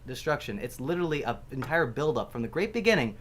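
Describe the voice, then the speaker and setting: A man's voice: mid-range voice, sing-song, quick pace. A man arguing his pick on a casual panel, rambling and repeating phrases as he builds his case.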